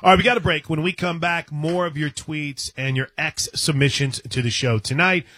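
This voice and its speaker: Guy hosting sports radio, bright husky voice, kinda rambly, studio mic. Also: a little high, steady tone, normal speed, no echo. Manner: rambling, reads listener messages. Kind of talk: casual sports talk. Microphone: studio microphone.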